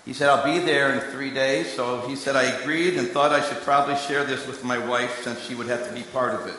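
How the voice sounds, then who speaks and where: A man giving a sermon, telling a story that swings between quiet asides and emphatic lines. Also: medium pitch, steady tone, brisk, slight background noise. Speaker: preacher and candidate recruiter. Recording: echoey hall with long reverb.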